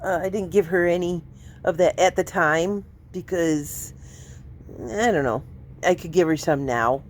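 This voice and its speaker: A woman's voice: on the low side, unhurried, slight background noise. A woman vlogging casually, laughing often and slipping into baby talk with a kitten. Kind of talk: casual vlog chat.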